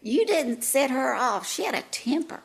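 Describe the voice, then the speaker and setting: Playing an elderly retired first-grade teacher, a woman uses a high, creaky, heavily acted voice that's very animated. At a moderate pace, the older character rambles and reminisces through folksy, gossipy stories.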